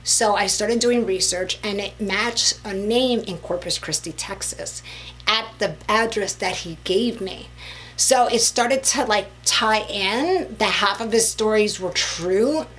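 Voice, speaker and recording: A woman's voice: mid-range voice, fairly bright tone, rough recording. Young woman chatting through a storytime vlog, emphatic, lots of "like", faint hum behind. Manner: emphatic, chatty, many "like" fillers. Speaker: vlogger telling a story.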